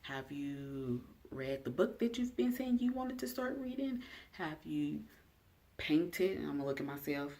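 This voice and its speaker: A woman's voice: low voice, very animated, unhurried, mellow. A young adult woman vlogger talking straight to camera in a casual self-care check-in, chatty and direct, asking her viewers questions.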